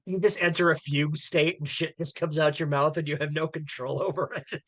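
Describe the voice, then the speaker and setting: A man's voice: fairly high pitch, steady tone, fairly quick, fairly bright tone. A man co-hosting a casual podcast, teasing his friend and laughing easily. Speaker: podcast co-host. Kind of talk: casual chat.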